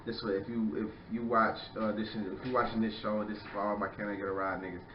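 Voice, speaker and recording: With a fairly low voice that barely moves in pitch, a young adult podcast host rants at a quick pace, profane and rambling, with frequent "you know what I'm saying." The audio carries slight background noise and sounds dull and echoey, as he's far from the mic.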